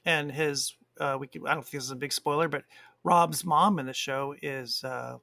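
Gravelly man, thoughtful and reflective. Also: on the high side, steady tone, moderate pace, bright, forceful tone, dry recording. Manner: thoughtful, reflective, with frequent restarts. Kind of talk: casual chat reviewing a TV series.

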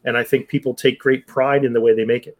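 A man chatting casually on a talk show, circling back and restarting sentences as he explains. His pitch sits at an ordinary middle level. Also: level tone, quick pace. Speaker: podcast co-host. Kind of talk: casual chat.

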